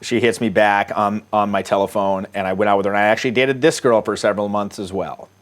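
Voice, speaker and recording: A man's voice: fairly low pitch, steady tone, fast talker. A middle-aged man from the United States, a dating coach talking casually and profanely while reading out his dating-app chats, often laughing at his own jokes.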